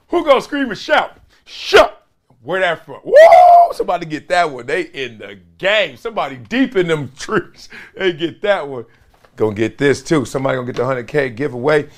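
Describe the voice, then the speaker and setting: Lively, high-pitched sports talk host. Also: male voice. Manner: playful, sing-song hype chants, laughs often. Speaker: host reading viewer comments. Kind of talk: animated sports talk show.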